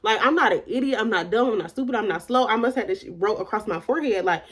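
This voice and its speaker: Woman vlogger, casual storytime, emphatic, leans on "like", mid-pitched voice. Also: expressive, fast, a bit bright, husky. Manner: emphatic, repeats "like" often; candid, retells dialogue with shifting emphasis.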